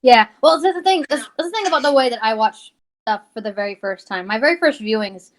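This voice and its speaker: A woman's voice: on the high side, lively intonation, fast talker. A young adult woman, a fan artist, chatting as a podcast guest, rambling with lots of fillers and restarts. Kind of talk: casual interview chat.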